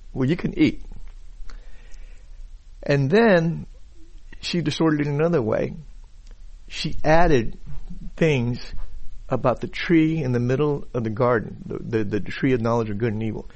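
A man who is a pastor, delivering a sermon in an unhurried way, often repeating words as he thinks and reading scripture aloud. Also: medium pitch, a little mellow, dull audio. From Chinese background.

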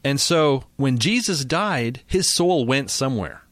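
A man's voice: medium pitch, animated, unhurried, dry recording. A man hosting a Bible discussion, reading verses aloud and asking leading questions. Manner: reads verses, then asks leading questions. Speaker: host.

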